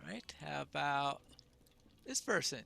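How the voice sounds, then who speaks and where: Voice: mid-range voice, expressive, slow pace, gravelly, pushed and bright. A player commenting on a fantasy game, musing and thinking aloud. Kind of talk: let's-play commentary.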